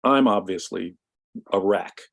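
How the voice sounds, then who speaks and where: A man in a casual discussion, telling a story in an emphatic, animated way. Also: low voice, unhurried. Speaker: guest commentator.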